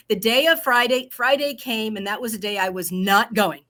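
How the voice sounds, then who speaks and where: A woman's voice: medium pitch, moderate pace, a bit bright. A middle-aged woman, a business owner, telling her story in a casual interview and acting out the voices of people she quotes. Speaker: guest entrepreneur.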